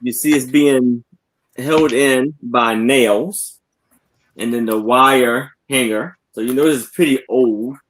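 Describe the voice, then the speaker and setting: A man co-hosting a live online sale, describing an old framed photo in slow, halting talk full of fillers. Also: mid-range voice, a bit bright. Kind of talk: casual live sale chat.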